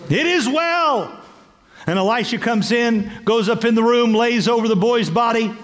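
A man in his sixties, a bishop preaching a sermon with playful, animated storytelling and acted-out voices. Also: extremely high pitch, moderate pace, big-room sound. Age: 60s.

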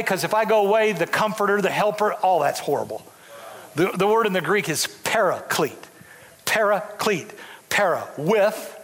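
A pastor in his sixties delivers a sermon in a church sanctuary, his high, bright voice swinging widely in pitch. He preaches in animated bursts, restarting sentences as he builds momentum, and the hall's long reverb trails every phrase.

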